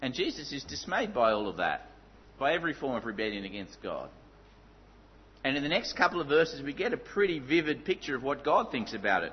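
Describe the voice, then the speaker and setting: A man preaching a sermon, emphatic, dropping to low, intense tones for stress. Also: breathy edge, highs cut off.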